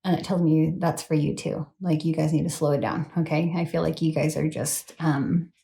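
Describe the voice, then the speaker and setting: A woman's voice: deep voice, fairly even intonation, normal speed, creaky, warm tone. A woman in her thirties giving a chatty, rambling tarot reading to her phone camera at home late at night, often apologizing and laughing. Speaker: tarot reader.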